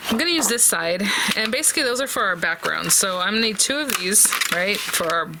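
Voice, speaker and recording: A woman's voice: medium pitch, animated, fairly quick, heavy background noise. A woman hosting a casual papercraft tutorial, chatty and thinking aloud as she talks to her viewers. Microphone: close desk mic.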